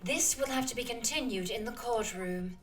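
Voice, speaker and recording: A woman voicing an earnest young male lawyer who doubts himself, reading game text aloud in a measured, plain voice. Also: fairly high pitch, far from the mic, faint music behind, close to an everyday voice. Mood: earnest, worried.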